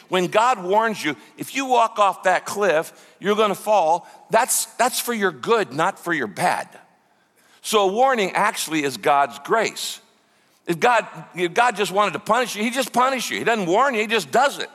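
Higher-voiced preaching pastor in a reverberant hall. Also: male voice, moderate pace. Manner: lively preaching, acts out quoted voices. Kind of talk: sermon.

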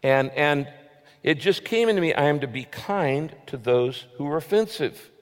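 A man preaching a sermon as a pastor, with earnest emphasis, often dropping to a soft, low voice. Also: expressive, moderate pace, big-room sound.

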